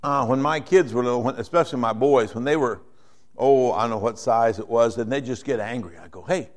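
A middle-aged man preaching a sermon in a conversational way, growing animated as he acts out the people in his story. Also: mid-range voice, a little fast. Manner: conversational, rising to animated when voicing characters. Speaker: pastor.

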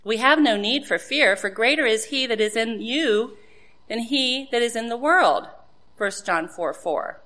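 A woman's voice: on the high side, animated, measured pace, pushed and bright. A woman giving an earnest sermon to other women, asking rhetorical questions and citing scripture. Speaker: women's devotional speaker.

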